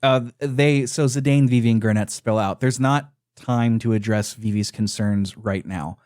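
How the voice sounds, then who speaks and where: A podcast host with a lowish male voice and a moderate pace excitedly retells scenes from a game in casual conversation, sprinkling in lots of "uh" fillers. The audio is studio quality with no room sound.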